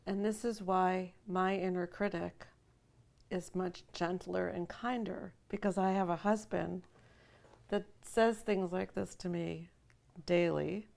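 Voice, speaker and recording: A woman's voice: on the low side, fairly even intonation, slow, gravelly, darkish tone. A woman co-hosting a podcast, chatting casually in a candid, teasing, self-deprecating way. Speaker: podcast co-host. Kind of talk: casual conversational chat.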